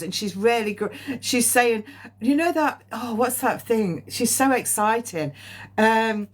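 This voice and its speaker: A woman's voice: mid-range voice, animated, normal speed. A woman giving a live psychic reading, rambling with many ums, coughing often and getting emotional at times. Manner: emotional, near tears at times. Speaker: medium.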